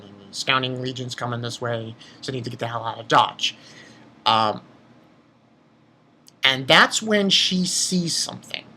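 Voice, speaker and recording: A man casually reviewing a manga chapter, excitable, swearing freely and reading scenes aloud. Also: mid-range voice.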